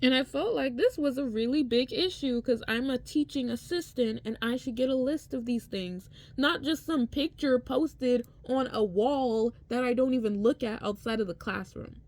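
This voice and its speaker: Higher-voiced woman telling a storytime. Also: moderate pace, few pauses. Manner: animated retelling, acting out what others said. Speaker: teaching assistant. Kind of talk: storytime vlog.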